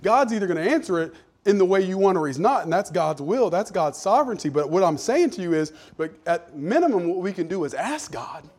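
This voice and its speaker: A pastor preaching a sermon, conversational at first and building to loud, emphatic questions. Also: male voice, high voice, very animated, brisk.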